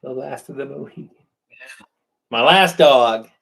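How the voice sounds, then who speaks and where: A man's voice: mid-range voice, a little slow, gravelly, husky, rough recording. A man co-hosting a casual chat, retelling stories and acting out what other people said. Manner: animated, acts out other people's lines. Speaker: co-host.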